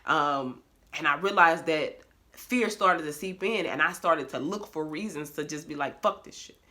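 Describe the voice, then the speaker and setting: A young woman speaks straight to her phone camera in a casual confessional vlog. Her voice is bright and clear, and her talk is candid, expressive and loose, with swearing and laughter mixed in. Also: low-pitched, measured pace. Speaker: vlogger. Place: bedroom at home.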